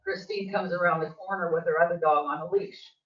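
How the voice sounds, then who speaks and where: This older woman, a resident offering public comment at a board meeting, has a fairly low pitch, a fairly quick pace and a fairly bright tone. She tells her story in an agitated, emphatic manner, rising in pitch near the end. The audio, from a district office meeting room, is distant, echoey and dull.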